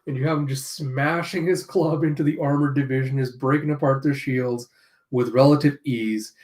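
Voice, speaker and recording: A man's voice: medium pitch, steady tone, a little mellow. A man reviewing a comic chapter in a casual read-through, narrating panels with off-hand, sardonic asides. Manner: narrates panels, slips into quick character voices. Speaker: manga reviewer.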